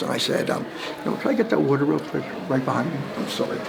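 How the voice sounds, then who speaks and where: A man's voice: fairly high pitch, lively intonation, very fast, gravelly, noisy background. A man in his fifties from New Jersey, a Hall of Fame inductee, answering press questions with long, rambling stories and quoted dialogue. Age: 50s. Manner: rambling storyteller who acts out quoted voices and laughs between lines. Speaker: Hall of Fame inductee, former running back.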